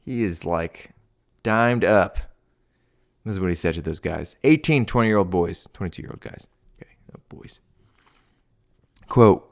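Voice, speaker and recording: A man's voice: low-pitched, expressive, measured pace, gravelly, pauses often. A man, a swim coach hosting a show, giving casual sports commentary in a loose, slangy way that grows heated. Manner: casual, heavy with "like" and "dude", grows heated and ranting.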